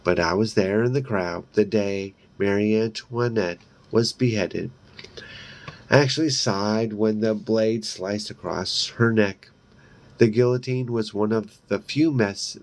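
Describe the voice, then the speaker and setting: A man reading a horror novel aloud in a slow, deliberate way, with brief asides of his own. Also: fairly low pitch. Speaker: reader.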